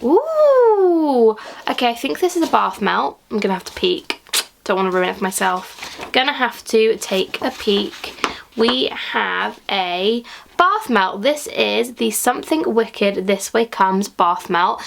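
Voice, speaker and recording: A young woman unboxing and reviewing beauty products in a gushing, excitable way, sometimes dropping to a whisper. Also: mid-range voice, vocal fry. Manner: gushing, excitable, drops into whispers when thrilled. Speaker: beauty vlogger. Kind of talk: unboxing vlog, casual chat.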